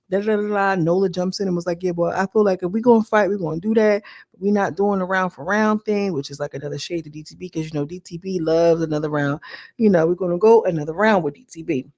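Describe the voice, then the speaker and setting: A woman's voice: mid-range voice, dry recording, clean studio sound. Chatty woman recapping reality TV. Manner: chatty, animated retelling with quoted voices and slang. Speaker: reality show reviewer. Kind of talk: casual recap commentary.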